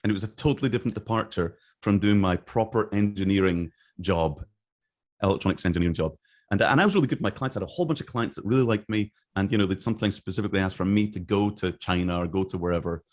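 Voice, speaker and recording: A middle-aged man with a slightly low voice recalls his past in a casual interview. He rambles and restarts often, and he slips into other people's voices when he quotes them. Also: quick pace, darkish tone. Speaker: interview guest, game artist.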